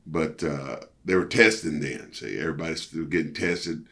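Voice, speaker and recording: A middle-aged man, a former pro wrestler, telling stories in a casual interview, animated and profane, peppered with "you know" and "see". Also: moderate pace, creaky. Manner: animated storyteller, jumps high for quoted outbursts.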